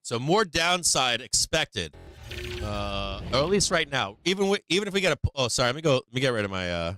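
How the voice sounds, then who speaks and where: A man's voice: mid-range voice, sing-song, a little fast, bright, forceful tone, dry recording. A man hosting a stock market live stream, talking through charts live with blunt, swearing remarks and many restarts, a bit worn in the voice as he loses it. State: losing his voice.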